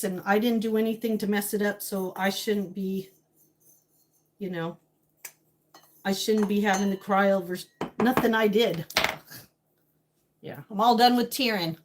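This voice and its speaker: A woman's voice: fairly high pitch, slight background noise. Woman venting to her live-stream chat. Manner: talks to chat viewers by name, emotional and venting. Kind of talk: casual live-stream chat while cooking. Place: home kitchen.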